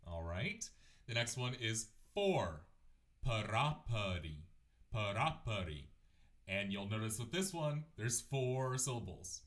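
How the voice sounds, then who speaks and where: A man teaching a language lesson, repeating words slowly and clearly. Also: mid-range voice, big pitch swings. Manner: clear, drawn-out repetition of words; sings numbers in a chant. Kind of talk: slow, patient language lesson.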